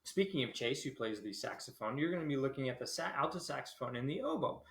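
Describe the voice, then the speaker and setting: A man's voice: mid-range voice, expressive, fast talker, creaky, fairly bright tone. Roomy-sounding man teaching conducting. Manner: explains conducting, sings rhythms on syllables, greets viewers. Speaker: military band conductor. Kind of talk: livestreamed conducting lesson. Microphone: computer camera mic. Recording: roomy echo.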